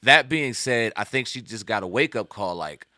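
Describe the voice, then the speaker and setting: A man's voice: fairly low pitch, lively intonation, moderate pace, bright, forceful tone, no echo, studio quality. A man hosting a hip hop news show, commenting in a loose, slangy, conversational way. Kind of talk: casual commentary.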